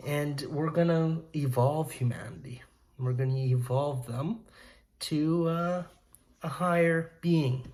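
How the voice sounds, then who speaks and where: A man's voice: a little high, slow pace, darkish tone. A man quoting a smug reptilian alien king. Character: proud, scheming male reptilian alien king.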